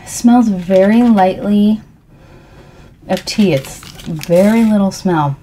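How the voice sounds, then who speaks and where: A woman in a soft-spoken ASMR tea ramble at home, talking in an unhurried, rambling way with a froggy morning voice. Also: medium pitch, slight background noise, low-quality recording. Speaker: ASMR creator.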